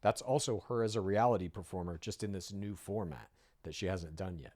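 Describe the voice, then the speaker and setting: A man's voice: deep voice, fairly quick, a little mellow, no room sound, studio quality. Sardonic man doing podcast commentary. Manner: sardonic, analytical. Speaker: podcast co-host. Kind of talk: reaction commentary.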